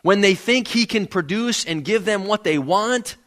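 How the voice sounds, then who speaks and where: A man's voice: high-pitched, animated, moderate pace, a bit bright. A man preaching a sermon in a church, earnest, often repeating words as he builds a point. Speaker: pastor. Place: church sanctuary.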